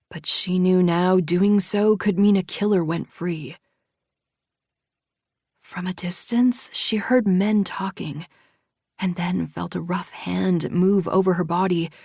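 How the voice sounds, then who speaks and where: A woman narrating a suspense audiobook in a hushed, tense read. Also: on the low side, slightly rough, no echo, studio quality. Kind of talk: scripted narration.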